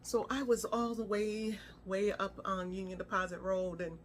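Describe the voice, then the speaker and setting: A woman's voice: mid-range voice, steady tone, moderate pace, loud music behind the voice. A woman food vlogger giving a casual, playful review, humming and exclaiming as she tastes. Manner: chatty and playful, hums and exclaims while tasting.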